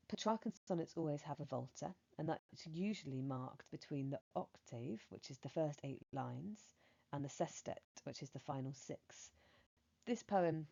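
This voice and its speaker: Low-voiced woman teaching a poetry lesson. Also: creaky, warm tone, lo-fi sound. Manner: measured, explanatory, reading the poem aloud. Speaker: English teacher. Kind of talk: revision lesson.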